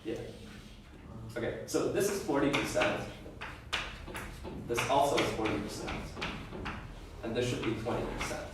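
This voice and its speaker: A man's voice: mid-range voice, moderate pace, long pauses. Lecturing man in an echoey room. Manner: explains with repeated checks like "okay?" and "right?". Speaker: debate lecturer. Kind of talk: classroom lecture. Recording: echoey room, voice far from the mic, faint background noise.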